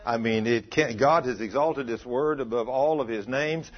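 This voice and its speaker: On a dull, lo-fi recording, a man of medium pitch preaches at a normal pace. His sermon is an animated story with acted-out dialogue and scripture quotations.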